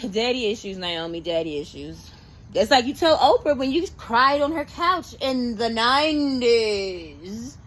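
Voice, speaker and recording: A woman's voice: fairly high pitch, expressive, a little slow, a bit bright. A young woman giving blunt, exasperated, profane reaction commentary as host.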